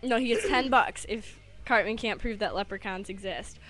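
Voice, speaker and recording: A woman's voice: mid-range voice, moderate pace, fairly bright tone. A woman vlogger chatting casually, rambling and giggling as she retells a cartoon episode. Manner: rambling, giggly, lots of fillers.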